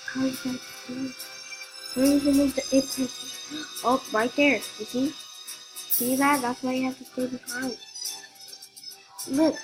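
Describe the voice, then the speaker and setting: Woman, casual gameplay commentary, excitable, repeats herself, slow drawn-out delivery, clear music behind. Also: high voice, low-quality recording. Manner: excitable, repeats phrases over and over. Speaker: gameplay channel host. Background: game music.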